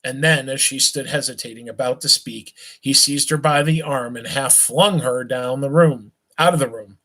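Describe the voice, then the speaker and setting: A man reading a novel aloud on a live stream, at an unhurried pace, stumbling and restarting now and then and stopping for small asides to his listeners. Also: mid-range voice, pushed and bright, low-quality recording. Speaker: reader.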